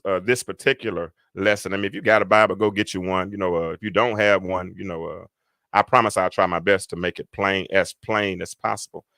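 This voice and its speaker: A man preaches a Bible lesson over a livestream. His low voice jumps into high, loud emphasis and then drops to mumbled side comments. The recording is dry and close. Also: dry recording. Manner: swings between loud preaching and quiet muttered asides. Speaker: preacher and podcast host. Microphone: computer mic on a livestream.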